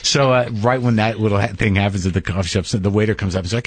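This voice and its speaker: A man hosting a talk podcast, telling a long story in a casual, animated way and acting out the people in it. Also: medium pitch, quick pace, hardly any pauses. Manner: animated storyteller, acts out quoted voices. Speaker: podcast host.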